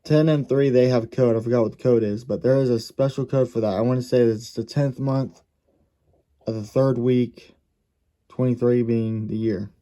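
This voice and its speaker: Dark-voiced man rambling through a hobby review. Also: medium pitch, steady tone, moderate pace. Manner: rambling, self-correcting, thinking aloud. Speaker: diecast collector reviewing a model car.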